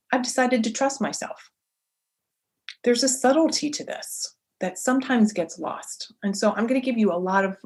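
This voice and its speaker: A woman in her forties hosting a solo motivational podcast as a coach, talking in an animated, emphatic way with a lively inflection. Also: medium pitch.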